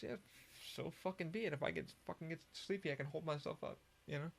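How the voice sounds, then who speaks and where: A gravelly-voiced man rambles through a solo podcast, hopping from one thought to the next and swearing freely. His voice sits a little high for a man, and he stumbles and restarts his sentences as he goes. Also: quick pace. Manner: profane, rambling, restarts often. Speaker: podcast host.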